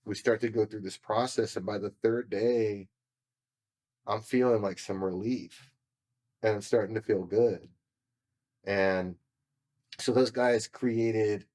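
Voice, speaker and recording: A man with a fairly low voice speaks as a podcast guest, telling a painful personal story with raw candor. He swears freely and acts out what others said to him. His delivery is confessional and emotional throughout. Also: darkish tone. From California. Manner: raw, profane, re-enacts what people said. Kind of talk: candid storytelling interview.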